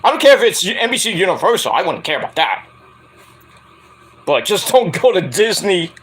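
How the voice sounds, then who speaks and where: Animated man rambling about wrestling. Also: high-pitched, fairly quick, slightly rough. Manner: rambling, joking, restarts. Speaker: wrestling show reviewer. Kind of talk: casual livestream review.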